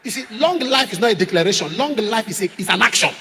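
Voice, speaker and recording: Male pastor, high bright voice, emphatic preaching, repeats lines and shouts. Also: animated, quick pace, breathy edge, big-room sound. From Nigeria. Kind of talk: sermon.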